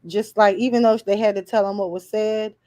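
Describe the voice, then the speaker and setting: A woman's voice: medium pitch, steady tone, fairly quick, dark tone, dry recording. A woman co-hosting a casual recap chat, blunt and sassy, full of slang. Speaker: podcast co-host.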